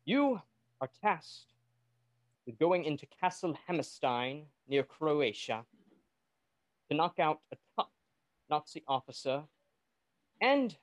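A man's voice: a little high, very animated, slow pace, long pauses, dry recording. A man playing a formal military captain who briefs his recruits in a stiff, polite way. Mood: briefing. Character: brisk male military captain, formal and commanding.

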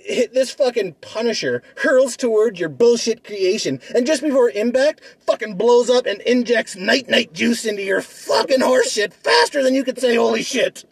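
A young man in a heated comedic argument, boastful and swearing heavily as he talks fast. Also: very high voice, animated, gravelly, slightly rough, no room sound, low-quality recording. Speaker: debater.

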